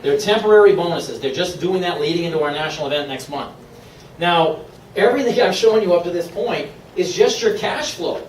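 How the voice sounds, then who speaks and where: Man, upbeat sales pitch, somewhat high voice, echoey room, mic far away. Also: lively intonation, brisk, a little hiss or hum. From Maine, USA. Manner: upbeat, persuasive, laughs often. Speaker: presenter at a sales meeting. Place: meeting room.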